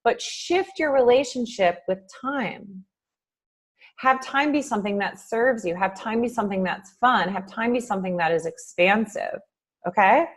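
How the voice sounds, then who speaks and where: A female life coach talks motivation in a laid-back livestream, moving at a moderate pace. Her inner voices come to life through dramatic shifts in pitch and loudness, and ums crop up often.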